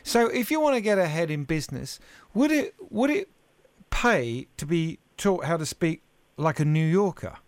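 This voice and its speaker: A man with an Isle of Wight accent hosts a radio talk show in a chatty, jokey way. His fairly high voice swoops up and down with lots of life. The studio sound is dry and close. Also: big pitch swings, moderate pace, no echo. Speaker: radio presenter. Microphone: studio microphone.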